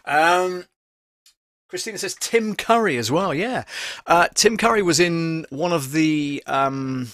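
A man's voice: a little high, measured pace, fairly bright tone, no echo. A man hosting a casual voice-acting live stream from a home studio, rambling and chatty with many fillers.

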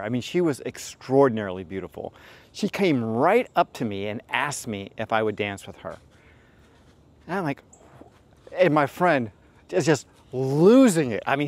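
A middle-aged man talks through his advice in a loose, unscripted monologue, his voice sitting at an ordinary middle pitch. He rambles and circles back with plenty of fillers, and he drops blunt, profane asides along the way. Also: expressive, moderate pace. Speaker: dating advice host. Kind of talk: casual storytelling monologue.

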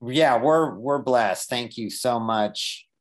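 A man's voice: medium pitch, slow. A man hosting an online art session, politely thanking the guest artist and wrapping up. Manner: polite, grateful, easygoing. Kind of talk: thanking the guest at the end of a talk.

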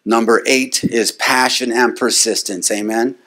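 A man's voice: on the high side, moderate pace, fairly bright tone. A man preaching a sermon, punctuating lines with "amen?" and building into insistent, repeated declarations. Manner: call-and-response, frequent "amen?" to the congregation; builds to rising, insistent repetition.

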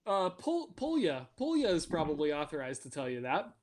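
A man's voice: fairly high pitch, huge pitch swings, moderate pace, a crowd in the background. A man from Virginia narrating as game master of a tabletop game, rambling and self-mocking.

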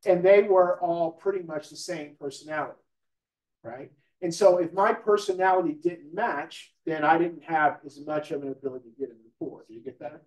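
His voice is on the high side and darkish in tone, moving at a moderate pace. He's a real estate trainer leading a live class in a conversational style, regularly questioning the room and asking "right?", captured from a distance in an echoey space.

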